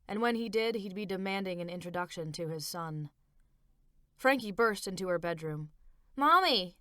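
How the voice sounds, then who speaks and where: A woman author narrating her own novel as an audiobook, in a measured, expressive reading. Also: mid-range voice, clear, resonant tone, dry recording, clean studio sound.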